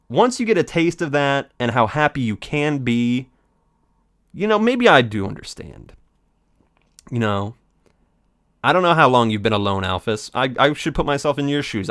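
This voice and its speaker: Male let's play host, theatrical rambler, very animated delivery. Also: mid-range voice, no room sound, clean studio sound. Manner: theatrical, rambling, mock-dramatic.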